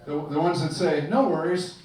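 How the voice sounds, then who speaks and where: Recorded from a far mic in an echoey, noisy club, an older comedian delivers a dry, self-deprecating stand-up set. His voice is on the high side and he speaks at a moderate pace.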